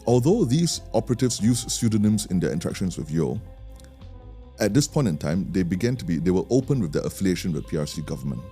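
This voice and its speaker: A man's voice: low-pitched, very animated, fast, warm tone, soft background music. A man with a Singaporean English accent, co-hosting a podcast and telling a story in a chatty way, often restarting his sentences. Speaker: podcast co-host. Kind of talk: casual storytelling chat.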